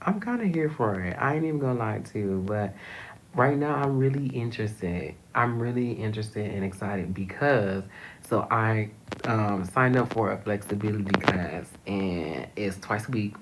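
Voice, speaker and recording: A young vlogger chats casually to the camera at a moderate pace, with slight background noise. He's expressive, swinging up high and loud, then sometimes dropping to a soft whisper.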